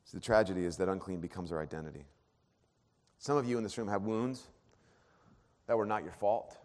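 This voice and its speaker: A man preaching a sermon, earnest, dropping to a hush and then rising to emphatic peaks. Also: lowish voice. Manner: earnest, swings from hushed to emphatic. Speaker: pastor. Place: church auditorium. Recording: long hall reverb.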